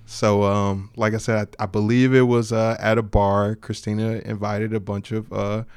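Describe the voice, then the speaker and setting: A man guesting on a casual podcast, talking in a relaxed, halting way with plenty of fillers. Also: on the low side, clean tone, no room sound, clean studio sound. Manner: easygoing, halting, many fillers and laughs. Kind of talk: casual chat.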